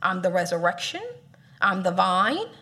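A woman's voice: fairly low pitch, very animated, normal speed, bright, forceful tone. A woman preaching a casual, playful sermon, laughing often as she talks.

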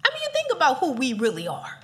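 Animated woman preaching a casual sermon. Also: high-pitched, fast talker. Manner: animated, playful, laughs often.

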